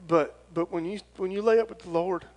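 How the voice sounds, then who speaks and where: A man's voice: high voice, a little fast, darkish tone, low-quality recording. A middle-aged man, preaching a folksy, rambling and earnest sermon as pastor.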